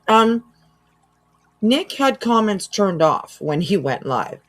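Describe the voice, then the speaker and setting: A woman's voice: mid-range voice, big pitch swings, drawn-out words, pauses often, pushed and bright. A woman hosting a casual reaction livestream, chatty and laughing often as she reads out chat. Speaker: livestream host.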